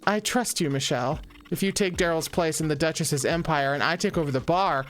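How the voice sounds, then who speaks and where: A woman's voice: sits low, brisk, close to an everyday voice. A woman voicing a sassy, scheming female angel who performs at a bar and talks people into her plans. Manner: sassy, persuasive. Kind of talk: let's play voice acting.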